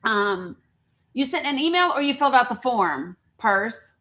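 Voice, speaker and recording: A woman's voice: on the high side, sing-song, a little slow, fairly bright tone. A woman hosting a live stream, chatting casually with her viewers and laughing often as she talks to them directly. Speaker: livestream host.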